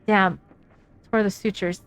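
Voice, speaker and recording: A woman doing a hostile, broken young soldier for a game read-through, mid-pitched and plain. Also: steady tone, a little slow, clear, resonant tone, soft background music, natural voice. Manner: reads game dialogue aloud, lightly dramatic. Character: bitter wounded young male enemy soldier.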